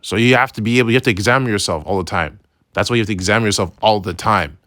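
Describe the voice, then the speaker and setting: A man with a lowish voice gives a relaxed Bible lesson, reading verses and then explaining them in loose, slangy talk. He keeps asking "right?" as he goes, and the recording is dry and close. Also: very fast, dry recording. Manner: slangy, loose phrasing with restarts. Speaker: religious teacher.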